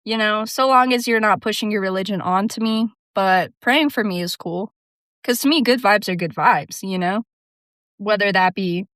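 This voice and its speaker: A woman's voice: medium pitch, fairly bright tone, no echo, clean studio sound. A young woman telling a casual storytime rant about work, sarcastic, swearing and laughing often. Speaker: vlogger.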